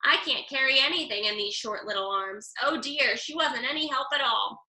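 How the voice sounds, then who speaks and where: A woman's voice: high voice, normal speed, sharp tone, echoey room, full character voice, low-quality recording. A woman voicing a sad, anxious mother kangaroo in a storybook reading, pleading and tearful.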